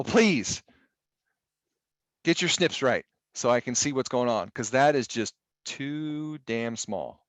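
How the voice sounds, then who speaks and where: Middle-aged guy teaching stats over a call, jokey, grumbles about stuff, mid-pitched voice. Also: no room sound. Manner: joking, exasperated asides, casual profanity. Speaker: statistics instructor. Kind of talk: live online class lecture.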